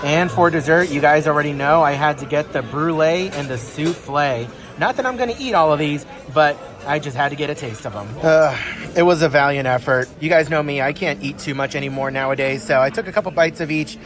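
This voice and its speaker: A man's voice: on the high side, a little fast. A man vlogging casually to camera aboard a cruise ship, chatty and upbeat, talking straight to his viewers. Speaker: cruise vlogger, channel host. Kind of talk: casual vlog narration to camera. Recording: busy ship venues with music and crowd chatter behind.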